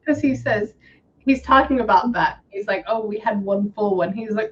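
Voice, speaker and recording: A woman's voice: mid-range voice, moderate pace, muffled recording. A woman working as a psychic medium, chatting casually and saying "hang on" often while she passes on messages. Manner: chatty, repeats "hang on", relays quotes. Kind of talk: casual reading session.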